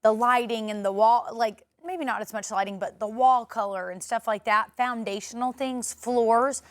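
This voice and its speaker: A woman's voice: on the high side, steady tone, normal speed, no echo, studio quality. A woman from Arkansas with a Southern accent, chatting playfully and giving strong opinions as a morning show co-host. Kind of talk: casual chat.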